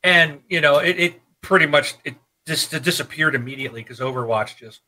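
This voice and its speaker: Casting note: bright, slightly high-voiced man in his thirties, rambling gamer co-host who laughs a lot. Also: brisk, low-quality recording. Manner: rambling, animated, laughs often. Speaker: podcast co-host. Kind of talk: casual gaming chat.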